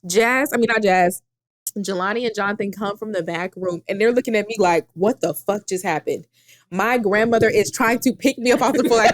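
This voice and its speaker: A woman in her thirties, a podcast co-host telling a story in casual chat, dramatic and quick to laugh and swear. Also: mid-range voice. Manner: animated, dramatic, swears freely, laughs often.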